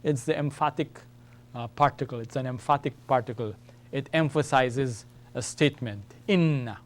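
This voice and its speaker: A man's voice: medium pitch, moderate pace. A man teaching an Arabic lesson, explaining letters and repeating words so students can follow, often checking in with "okay?". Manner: ends phrases with "all right?" and "okay?". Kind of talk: classroom lesson at a whiteboard.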